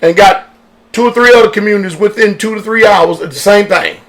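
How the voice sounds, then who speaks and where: A man's voice: high-pitched, brisk, fairly bright tone. A man preaching on a radio broadcast, emphatic, throwing out rhetorical questions and drawing responses from listeners. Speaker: pastor. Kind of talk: radio sermon.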